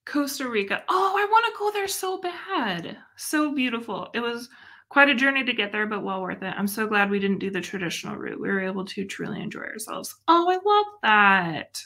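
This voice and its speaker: Bright-voiced chatty young woman. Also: mid-range voice, a little fast. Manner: chatty and expressive, laughs often. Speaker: livestream host. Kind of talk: casual live-stream chat.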